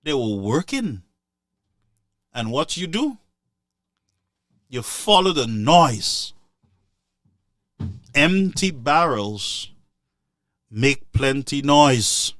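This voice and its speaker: A man's voice: medium pitch, very animated, extremely slow, pauses often, a bit bright, no echo, clean studio sound. A man giving impassioned political commentary, scolding listeners in a repetitive, sarcastic way.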